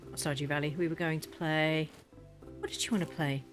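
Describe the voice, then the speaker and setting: A British woman in her thirties chats away over a cozy game with a slightly low voice. She rambles from story to story and laughs easily, and gentle game music plays faintly behind her. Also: steady tone. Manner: rambling, chatty, quick to laugh. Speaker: gaming vlogger. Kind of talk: casual chat over gameplay.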